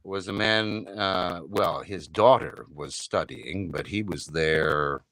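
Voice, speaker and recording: A man's voice: deep voice, takes it slowly, a bit bright, no room sound, poor audio. A man who does voice work, telling anecdotes in a casual reunion chat from his home studio, with frequent restarts. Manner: anecdotal, many restarts, slips into impressions. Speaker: voice actor guest. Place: home recording setup. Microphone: home studio microphone.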